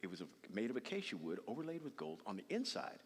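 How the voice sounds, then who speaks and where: Husky animated preacher in a reverberant hall. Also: male voice, lowish voice, fast. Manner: dramatic storytelling, acts out quoted voices, swings from loud to hushed. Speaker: bishop preaching. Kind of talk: sermon. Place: large hall used for church services. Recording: long reverb of a large hall.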